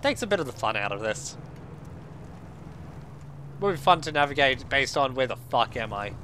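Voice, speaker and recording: A man's voice: mid-range voice, sing-song, normal speed, pushed and bright, slight background noise. Joking Australian streamer man. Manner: swearing, joking, chatting with viewers. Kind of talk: casual gameplay commentary.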